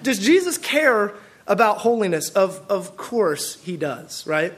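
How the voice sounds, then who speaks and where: A man with a high voice delivers a lively sermon from the pulpit. He keeps firing rhetorical questions at the congregation and swings between playful emphasis and quieter earnest points. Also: unhurried. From Pacific Northwest of the US. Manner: animated, full of rhetorical questions. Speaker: pastor.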